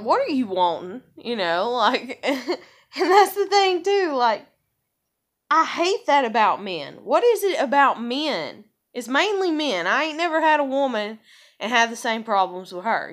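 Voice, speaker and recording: A woman's voice: on the high side, fairly bright tone. A woman talking in a casual vlog, rambling and profane, with lots of "like" and "you know.". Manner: heavy use of fillers "like" and "you know". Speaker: vlogger.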